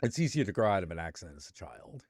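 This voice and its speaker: A man hosting a casual chat, animated and opinionated. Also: low voice, fast, dry recording, studio quality. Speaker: host.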